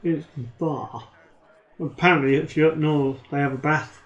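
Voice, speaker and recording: A man's voice: fairly high pitch, fairly even intonation, measured pace, dull audio. A man doing casual commentary on a card game, with teasing, dry banter. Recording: roomy echo.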